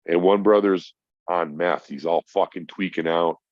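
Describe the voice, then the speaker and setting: A man's voice: low voice, fairly even intonation, normal speed, darkish tone, no echo. A middle-aged man, stoned, telling a rambling, profane story in casual chat as a podcast guest. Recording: dull lo-fi sound.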